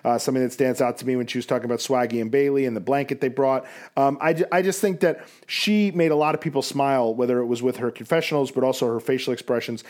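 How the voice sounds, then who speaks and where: A man's voice: mid-range voice, steady tone, quick pace, a little mellow. Conversational male podcast host. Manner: conversational, many fillers. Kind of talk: casual podcast discussion.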